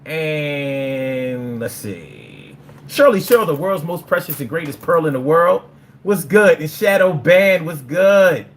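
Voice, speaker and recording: A man's voice: on the high side, takes it slowly, slight background noise. A man hosting a livestream, reading out viewer comments and answering them bluntly with a lot of profanity. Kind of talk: casual livestream chat.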